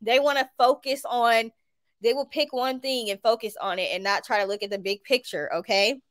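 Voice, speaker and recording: A woman's voice: fairly high pitch, fairly even intonation, moderate pace, fairly bright tone, dry recording. A woman with a Southern US accent giving a tarot reading to viewers, talking emphatically and repeating her points. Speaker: tarot reader.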